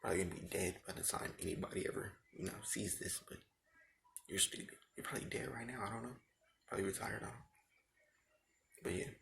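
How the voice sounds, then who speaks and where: A man's voice: on the low side, fast, gravelly, pauses often, fairly bright tone, slight background noise. A young man telling a rambling, profane story about his school days in casual talk, repeating himself often.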